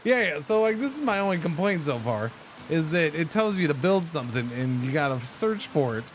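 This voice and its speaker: A male game streamer with a fairly high voice, talking in a loose, animated, joking way to his chat. Faint rain-like noise sits in the background. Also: a little fast. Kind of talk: casual live-stream commentary.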